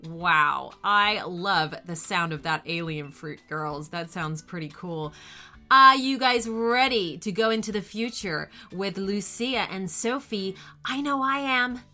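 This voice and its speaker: A woman reading a children's story aloud, expressive and animated, talking straight to the young listeners. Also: mid-range voice, slow pace. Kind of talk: bedtime story narration. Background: soft music.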